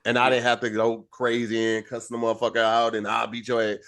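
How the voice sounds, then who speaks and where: A man of middle pitch riffs on a comedy podcast panel. He talks emphatically and often repeats a word as he gets going. His delivery is loose and conversational among co-hosts. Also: completely flat delivery, brisk, fairly bright tone. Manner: emphatic, repeats words while building a point. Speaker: podcast co-host. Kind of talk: casual podcast debate.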